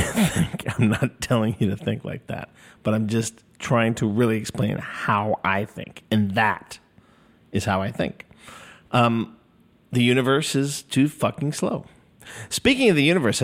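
Man, 50s, solo podcast host, loose rambling delivery, cusses, self-deprecating. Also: medium pitch. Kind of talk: casual solo podcast monologue. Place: recording studio. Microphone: studio microphone.

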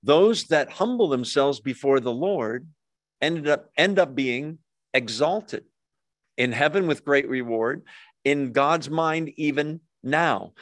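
A man's voice: fairly high pitch, animated, no echo, studio quality. Conversational man teaching Bible study. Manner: conversational, with pauses, fillers and quick asides.

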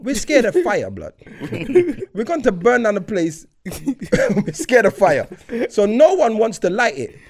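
Animated man telling a story. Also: high-pitched, a little slow. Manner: animated storyteller acting out both sides, laughing and swearing. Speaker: podcast co-host. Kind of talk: casual chat, storytelling.

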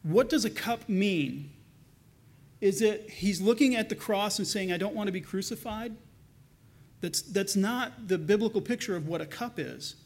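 A male pastor with a high voice preaches a sermon earnestly and conversationally. He slows down to read scripture with emphasis.

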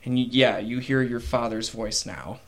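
A man's voice: mid-range voice, moderate pace, a bit bright. A man narrating a tabletop game as game master, casual, with many fillers. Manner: casual, with fillers and voiced characters.

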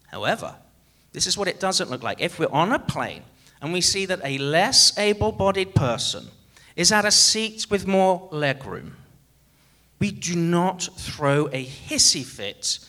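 Lively, bright-voiced preaching man. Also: fairly high pitch. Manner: animated and jokey, with sudden swings in loudness. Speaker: pastor. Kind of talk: sermon.

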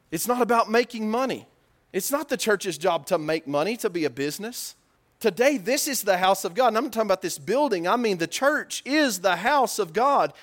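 A man with a high voice preaching a sermon. He talks to the congregation conversationally and asks them questions. He shifts between loud emphatic bursts and low, quiet stretches.

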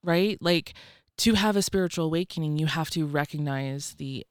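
A woman's voice: low-pitched, moderate pace, clear, resonant tone, no echo, clean studio sound. A woman guest in a casual interview, talking in a wry, rambling, self-deprecating way. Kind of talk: casual chat.

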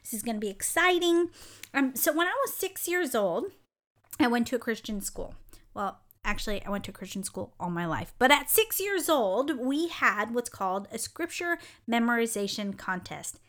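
A woman hosts her own podcast and tells a personal story in an animated, bubbly manner, often breaking into laughter. Her voice sits a little high, and she keeps a warm, chatty storytelling flow throughout. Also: moderate pace. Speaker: podcast host. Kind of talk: casual storytelling monologue.

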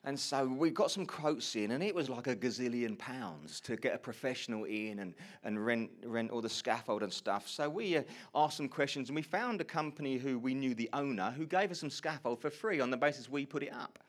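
A man telling a funny personal story in a sermon to a congregation, acting out his own lines loudly. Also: medium pitch, fairly quick, hardly any pauses. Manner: animated storyteller, shouts quoted lines. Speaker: pastor. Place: church hall before a congregation.

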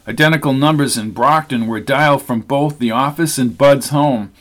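A man's voice: medium pitch, moderate pace, few pauses, a bit bright. Man reading an audiobook steadily. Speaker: audiobook narrator. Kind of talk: scripted narration.

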